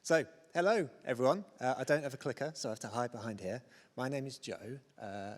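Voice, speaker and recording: A man's voice: mid-range voice, a little fast. British guy in his 30s doing a keynote, chatty, bit self-deprecating, lots of ums, big hall echo. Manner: self-deprecating, chatty, many fillers and restarts. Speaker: conference speaker. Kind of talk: conference keynote talk. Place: large conference hall on stage. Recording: hall reverb from a stage mic.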